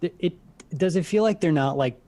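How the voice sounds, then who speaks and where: Hesitant man with a lively voice. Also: a little high, brisk. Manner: hesitant, lots of "like". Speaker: player. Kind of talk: casual tabletop play.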